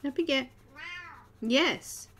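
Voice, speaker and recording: A middle-aged woman with an Australian accent talks through a live coloring session in a high, light voice. She takes her time, giggles easily and coos fondly at her cat between remarks. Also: drawn-out words, pushed and bright, slight background noise. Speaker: livestream host. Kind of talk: casual live coloring chat.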